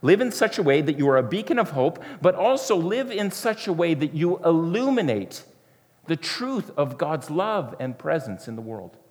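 A man preaching a sermon, earnest and repetitive, often sinking to a soft hush for emphasis. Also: a little high, very animated, moderate pace. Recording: long hall reverb.

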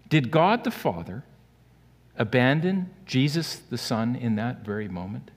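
A man preaching a sermon earnestly, swinging between loud emphatic peaks and quiet, hushed lows. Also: animated, moderate pace, creaky, slightly rough. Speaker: pastor. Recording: long hall reverb.

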